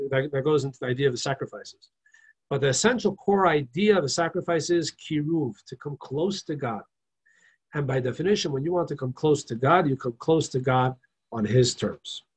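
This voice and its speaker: A man teaching a religious class in a casual, animated way, full of rhetorical questions and stories. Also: on the high side, slightly rough, rough recording. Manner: animated storyteller, rhetorical questions, frequent restarts.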